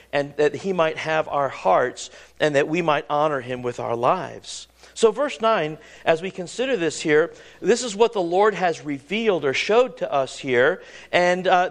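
A male preacher with a high, lively voice that swoops up and down as he delivers a sermon. He leans into points with sudden drops and rises, and slows to a measured cadence whenever he reads scripture aloud. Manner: animated, rising and falling, quoting scripture in slow stately tones. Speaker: pastor.

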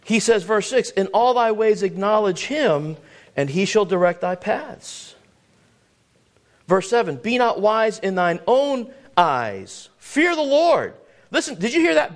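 A man's voice: sits high, very animated, normal speed. A man preaching a sermon, full of rhetorical questions and scripture read in old-fashioned wording, stumbling and repeating words as he drives his points home. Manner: emphatic, rhetorical questions, swings to hushed tones; repeats words and restarts often.

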